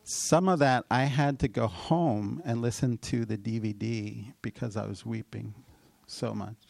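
Man, middle-aged pastor, gravelly, dry close sound, sermon testimony full of asides. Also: medium pitch, fairly even intonation, darkish tone, no room sound. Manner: storytelling with rising emotional peaks and quick asides.

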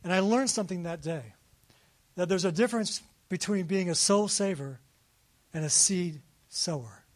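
A man in his sixties telling a personal story in a sermon, animated and laughing at himself. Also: sits high, moderate pace. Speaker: speaker at a faith gathering.

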